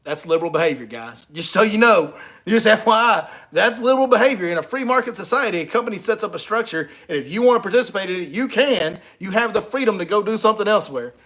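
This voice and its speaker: Man, fishing guide host, casual teasing livestream chat, slightly high voice. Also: lively intonation, fast, fairly bright tone. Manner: joking, teasing and laughing between lines.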